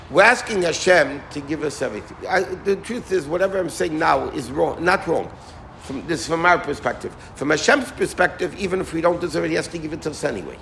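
Animated folksy rabbi, man. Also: a little high, a little fast, vocal fry, a little hiss or hum. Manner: animated, folksy, uses Yiddish and Hebrew terms. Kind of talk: informal Torah talk.

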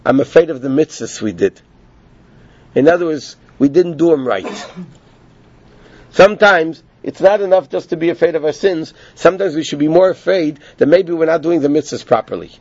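A man delivering a Torah lecture, his voice pitched a bit high and climbing when he drives a point home. The sound is dull and lo-fi, dry, with no room around it. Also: a little fast, no echo. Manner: animated storytelling, rising with emphasis, Yiddish-inflected learning terms. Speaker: rabbi teaching a Torah class.

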